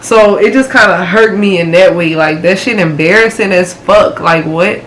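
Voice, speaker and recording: A woman's voice: fairly low pitch, normal speed, fairly bright tone, roomy sound, a little hiss or hum, low-quality recording. Chatty young woman telling a story. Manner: chatty, dramatic retelling with lots of fillers. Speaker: vlogger. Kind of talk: casual storytime.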